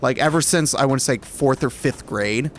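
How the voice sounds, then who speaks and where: Chatting with his stream audience at a moderate clip, this Alabama man has a medium-pitched voice and a wandering, self-correcting style punctuated by small laughs. A bit of hiss or hum runs under the recording.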